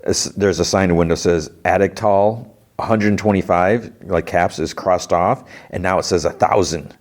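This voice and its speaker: A man recaps a podcast episode in a rambling, filler-heavy way, speaking casually as the host. His voice is deep and steady, moving a little fast.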